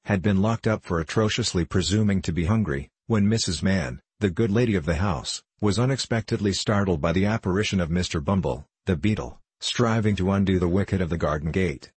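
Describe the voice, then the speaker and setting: A man narrates a classic novel in a measured, formal reading. His voice is very low and slightly husky. The sound is dry and close, with no room around it. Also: darkish tone, no room sound. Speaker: audiobook narrator.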